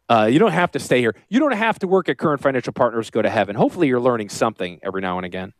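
A man's voice: mid-range voice, lively intonation, rapid-fire, hardly any pauses, no echo. A man with a Northern US accent hosting a casual radio talk show as a financial planner, rambling, salesy and joking.

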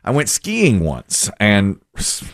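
Lively animated low-voiced male host. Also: takes it slowly. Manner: animated, acts out voices in his stories. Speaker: radio show host. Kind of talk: casual chat and storytelling.

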